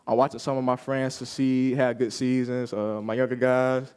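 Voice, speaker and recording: Young man, personal testimony, youth service, casual storytelling, acts out quotes, mid-pitched voice. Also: little pitch movement, moderate pace, darkish tone, clear, resonant tone.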